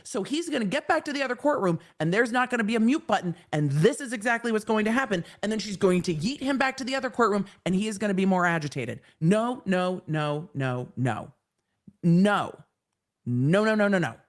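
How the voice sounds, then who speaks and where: A woman's voice: mid-range voice, expressive, fast, hardly any pauses. A woman lawyer giving live-stream commentary on a trial, blunt and exasperated, swearing freely.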